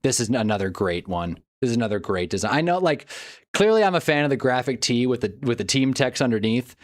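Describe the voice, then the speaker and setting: A man's voice: mid-range voice, sing-song, fast talker. A man live streaming, chatting casually and rambling as he reacts to things on screen and talks to his chat, often laughing. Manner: talks to chat while browsing online.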